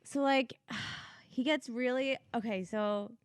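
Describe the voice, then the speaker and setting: A woman's voice: fairly high pitch, slow, smooth, no room sound, studio quality. Giggly woman podcast co-host. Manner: giggly, chatty. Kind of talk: casual chat.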